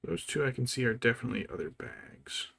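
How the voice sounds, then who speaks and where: A man's voice: medium pitch, brisk, creaky. A man casually chatting and muttering to himself as he paints a miniature for his stream. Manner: relaxed, muttering to himself as he works. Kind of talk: casual chat while painting.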